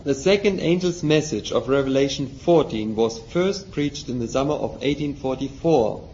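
Man, Bible study teacher, measured explaining tone, mellow voice, dull lo-fi recording with faint hiss. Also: medium pitch, lively intonation. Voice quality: measured, explaining with questions to listeners. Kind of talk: Bible study lecture reading from a book.

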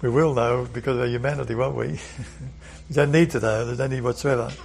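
A man's voice: medium pitch, steady tone, fast talker, creaky, a little mellow, slight background noise, rough recording. A man leading a Bible study lesson, earnest, often repeating words and asking rhetorical questions.

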